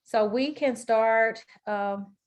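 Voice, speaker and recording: A woman's voice: a little high, drawn-out words, a little mellow. A woman from Mississippi with a Southern accent, moderating a webinar panel in a friendly, conversational way.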